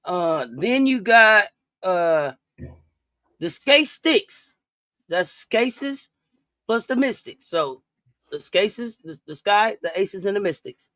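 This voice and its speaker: A man's voice: high-pitched, lively intonation, slow pace, fairly bright tone, no echo. A man hosting a casual sports talk stream, playful and repetitive, laughing often. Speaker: podcast host.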